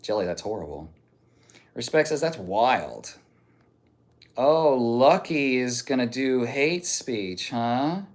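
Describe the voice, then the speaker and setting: A man's voice: mid-range voice, lively intonation, slow pace. A man streaming live, reading viewer messages aloud in a joking, off-hand way. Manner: joking, off-hand, reads messages out one after another.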